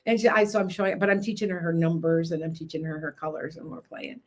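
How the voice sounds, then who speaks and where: A woman's voice: lowish voice, fast, hardly any pauses. Older lady rambling on a livestream, chatty, keeps cutting herself off. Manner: rambling, chatty, self-interrupting. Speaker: livestream host. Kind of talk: casual live-stream chat.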